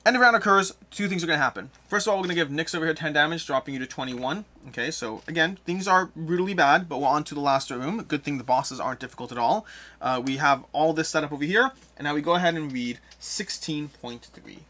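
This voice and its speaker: Bright-voiced man explaining board game moves. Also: a little high, quick pace. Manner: explanatory, thinking aloud over rules and moves. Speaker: board game player and host. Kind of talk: board game playthrough commentary.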